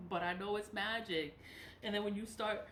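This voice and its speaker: A woman's voice: medium pitch, steady tone, moderate pace, a bit bright, roomy sound, a little hiss or hum. A woman talking straight to her viewers in a casual monologue, repeating her warnings with emphasis, swearing freely and laughing between points. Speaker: nonprofit director giving spiritual warnings. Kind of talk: casual spoken monologue to camera.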